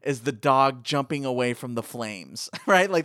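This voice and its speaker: Chatting casually with friends about an old action movie, a man talks loosely with plenty of fillers. He's animated, and his voice jumps up into high, excited tones whenever he jokes; the recording is close and dry, with no echo or room sound.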